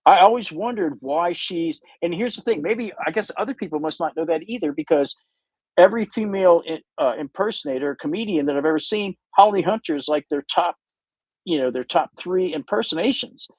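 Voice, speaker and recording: A man's voice: on the high side, a little fast, breathy edge, dry recording, rough recording. A man hosting a livestream, painting while he chats in a rambling, self-interrupting, jokey way. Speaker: livestream host painting models. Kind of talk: casual rambling chat.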